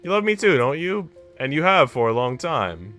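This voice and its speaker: A man's voice: a little high, sing-song, normal speed, a bit bright, faint music behind, pitched above the performer's own voice. A man reading the lines of a drunk young woman who plays pranks and teases in a playful, needling way. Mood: coaxing.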